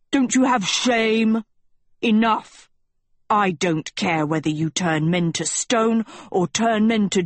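A woman's voice: medium pitch, dry recording. A woman voicing a rotund, theatrical teacher who bellows in a thick sing-song voice.

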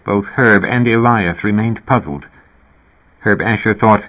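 A man narrating an audiobook in a slow, deliberate way. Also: on the low side. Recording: tinny phone-like sound.

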